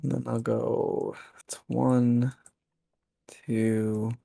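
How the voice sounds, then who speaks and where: Male player, unhurried, dry close sound, mutters and counts out his turn. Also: mid-range voice, little pitch movement, creaky, mellow, no room sound. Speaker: board game player. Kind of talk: casual chat while playing a board game.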